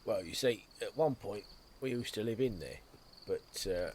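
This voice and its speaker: A man's voice: on the low side, animated, normal speed, a little mellow, slight background noise, lightly acted. A man doing a scruffy gerbil critter. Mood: persuasive.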